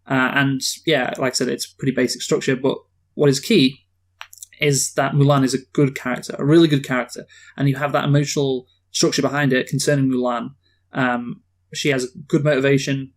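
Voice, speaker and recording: Deadpan man reviewing films. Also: medium pitch. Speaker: podcast co-host. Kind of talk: casual film review chat.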